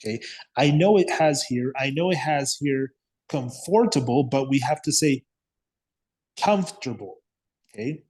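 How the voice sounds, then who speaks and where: A man's voice: mid-range voice, moderate pace, a little mellow. A man teaching an English grammar lesson, patiently repeating words and checking understanding with frequent "okay?" and "yes?".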